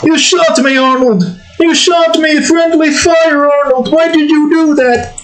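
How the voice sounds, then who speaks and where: A squeaky whiny young guy. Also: fairly even intonation, measured pace, reverberant, rough recording. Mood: aggrieved. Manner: pleading, yelping complaints. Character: whiny high-voiced young man, easily upset.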